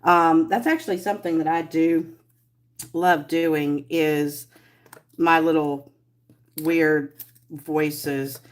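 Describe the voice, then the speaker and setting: Middle-aged woman, live-stream host, unhurried, slightly low voice, chatty, rambling, greets viewers by name. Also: steady tone. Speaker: livestream host. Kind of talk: casual live-stream chat.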